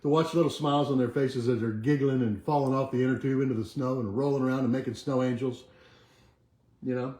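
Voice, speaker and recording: An older man, a chiropractor who leads a weekly motivational march, chants calm affirmations in a medium-pitched voice during a motivational self-help talk. He repeats them slowly and softly, fading quieter, and the sound is reverberant in his home kitchen with a bay window.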